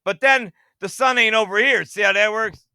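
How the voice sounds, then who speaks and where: A man rambling excitedly through screen-share commentary and talking straight to his viewers, who keeps asking if they see how it works. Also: high voice, moderate pace, smooth, no echo, studio quality. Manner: talks to viewers directly, half-mocking. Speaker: radar-watching channel host.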